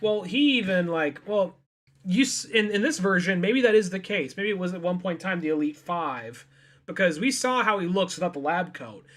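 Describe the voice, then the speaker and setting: A man's voice: sits high, animated, normal speed, fairly bright tone. A young man co-hosting a podcast, casually retelling comic scenes and quoting the dialogue. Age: young adult. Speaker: podcast co-host. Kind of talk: casual chat.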